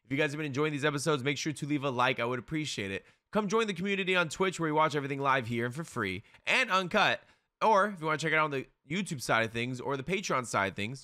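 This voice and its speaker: A young man streaming a live anime reaction, excitable and slangy, swearing often as he comments. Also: fairly high pitch, dry recording, studio quality.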